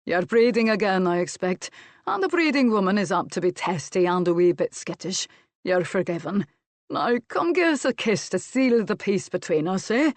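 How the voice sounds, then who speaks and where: A woman's voice: mid-range voice, big pitch swings, moderate pace, no echo, natural voice. A woman voicing a jovial, teasing Scottish uncle with a bluff, twinkling manner.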